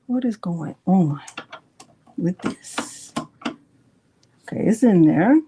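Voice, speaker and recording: Slow and fairly low, with long pauses, a dark tone and a little hiss or hum, a middle-aged crafting channel host talks to her livestream audience. She is chatty and self-teasing, calls viewers y'all, and mutters while working.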